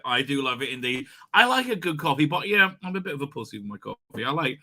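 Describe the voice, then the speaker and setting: Bright, rambling male live-stream host. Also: a little high, sing-song, fast, few pauses. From Israel. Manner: rambling, with many fillers, restarts and laughs. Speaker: host of a live online show. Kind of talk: casual live-stream chat.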